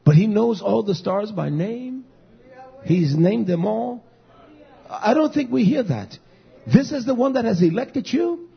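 A man preaching a sermon, exhorting his congregation and rising at times into shouts. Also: high voice, expressive, measured pace, gravelly, slightly rough. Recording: dull lo-fi recording.

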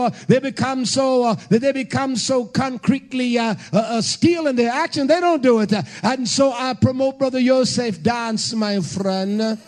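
A male preacher with a strikingly high voice delivers a fiery sermon. He hollers and stresses his words hard, breaking into loud shouts as he drives each point home to the congregation.

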